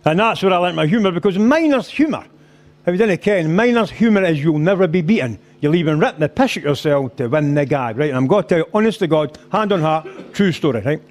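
A middle-aged Scottish comedian performs a live stand-up set in a rugby club function room. His voice is fairly high, expressive and fast as he tells rowdy, sweary stories with boisterous energy, slipping into character voices along the way.

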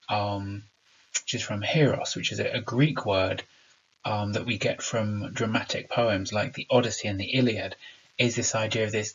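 A man with a low, slightly husky voice, teaching a recorded lesson in an explanatory tone. He taps out rhythms with his voice to make his points. The recording is a little dull and lo-fi. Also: a bit bright. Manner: explanatory, stresses rhythm aloud.

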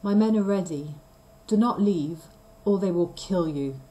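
A woman's voice: lowish voice, unhurried, dark tone, recorded from a distance, lightly acted, low-quality recording. A woman reading the lines of a threatening magical queen in a storybook reading, raised and warning.

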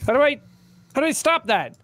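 A man's voice: extremely high pitch, very animated, a little fast, a bit bright. A man co-hosting a casual gaming podcast, gleeful and sarcastic with his friends. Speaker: podcast co-host.

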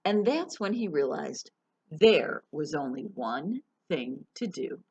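Animated storytime librarian woman. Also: deep voice, takes it slowly, slightly rough, lo-fi sound. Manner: animated and sing-song, asks children questions. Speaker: children's librarian. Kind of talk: storytime read-aloud.

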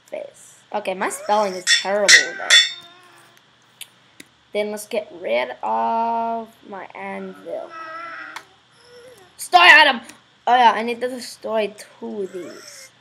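A woman giving casual, excitable let's-play commentary, swearing freely and breaking into loud sudden exclamations. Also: medium pitch, slow pace, vocal fry, heavy background noise. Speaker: gameplay video host.

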